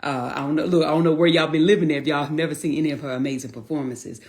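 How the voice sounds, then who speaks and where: A woman in her forties chats casually on her own livestream, speaking into a phone or laptop mic. She greets viewers by name, calls them honey, and keeps up a friendly, excited patter while waiting for her guest. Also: sits low, racing. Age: 40s. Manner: warm, chatty Southern-style greetings, calls viewers honey and y'all. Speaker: livestream host.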